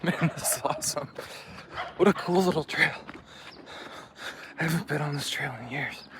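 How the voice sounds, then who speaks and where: A man's voice: fairly high pitch, normal speed, pauses often. A man filming a casual vlog while hiking an outdoor trail, talking in a rambling, laid-back way with lots of slang. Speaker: vlogger. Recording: noisy outdoor recording.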